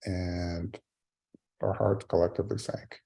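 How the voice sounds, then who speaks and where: Man, middle-aged, keynote storyteller, gravelly, husky, wry humor. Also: low-pitched, fairly even intonation, unhurried, dark tone. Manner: wry, self-mocking humor. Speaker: keynote speaker. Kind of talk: storytelling speech.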